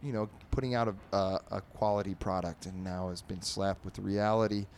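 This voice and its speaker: A man hosting a comedy podcast, rambling through comic strips in a halting way with many ums and restarts. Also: sits low, fairly even intonation, darkish tone, slight background noise.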